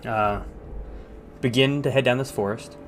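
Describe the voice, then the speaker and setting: A man narrating as game master in a relaxed way, often pausing with fillers as he describes scenes. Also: mid-range voice, slight background noise. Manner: relaxed, hesitant with frequent fillers.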